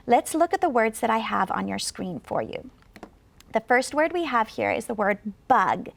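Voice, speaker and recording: A woman's voice: fairly high pitch, expressive, normal speed. Patient woman teaching vowel pronunciation. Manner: clear, patient, coaching drills. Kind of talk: televised classroom lesson.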